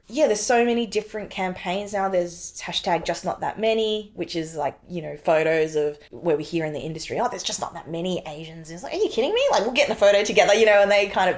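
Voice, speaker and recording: Her voice is low: she's an Australian actor and filmmaker in her thirties chatting in a casual interview. Stories come out animated, with her past reactions acted out and plenty of "like" and "you know" thrown in.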